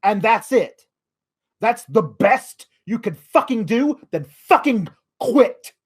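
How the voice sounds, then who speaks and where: A man's voice: high voice, big pitch swings, slow pace, slightly rough. A man hosting a wrestling podcast, ranting in exasperation with frequent swearing. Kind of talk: podcast rant.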